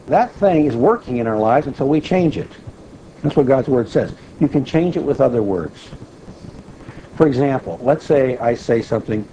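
A man's voice: medium pitch, warm tone, a little hiss or hum, rough recording. A man preaching a conversational sermon, often checking in with his listeners as he teaches.

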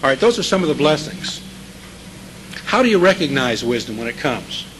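A man preaching in a relaxed, conversational way, pitched a little above the usual male range. He keeps checking in with his listeners and circles back to the scripture lines he stresses. A faint hiss sits under the voice. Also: normal speed, poor audio. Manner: repeats key scripture phrases for emphasis. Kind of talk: sermon.

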